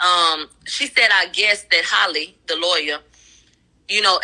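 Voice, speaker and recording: A commentator recaps courtroom testimony from a trial in a casual, conversational, profane way, acting out the quotes she relays. Her voice is medium-pitched with a sharp tone, and the recording is low quality.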